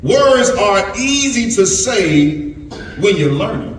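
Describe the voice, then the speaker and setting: High-voiced preacher echoing through a church. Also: male voice, sing-song, takes it slowly, slight background noise. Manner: preaching to young people with repetitions and stammered restarts. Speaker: pastor. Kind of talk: sermon. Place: church sanctuary. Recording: very echoey church sanctuary from far off.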